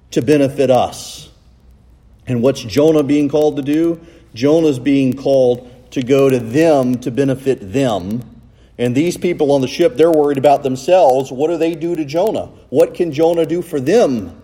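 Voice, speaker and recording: A man preaching a sermon in a church, recorded on a cell phone, with animated delivery and rhetorical questions. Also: mid-range voice, moderate pace, breathy edge, in a large hall. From United States. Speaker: pastor. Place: church sanctuary.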